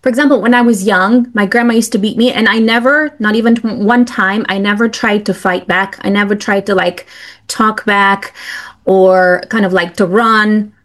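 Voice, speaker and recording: A woman's voice: mid-range voice, fairly even intonation, moderate pace. A woman hosting a podcast, chatting candidly and hesitantly, with many fillers as she searches for words. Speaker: podcast host. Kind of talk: casual interview conversation.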